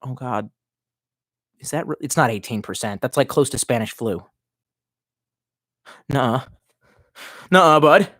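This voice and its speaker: A male streamer talks off the cuff, cursing and wandering from one thought to the next while he answers chat. His pitch swings widely, and the sound is dry and close on a desk mic. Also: expressive, measured pace, pauses often, fairly bright tone, no room sound. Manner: profane, rambling, reacts to chat. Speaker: live streamer. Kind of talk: casual live-stream chat.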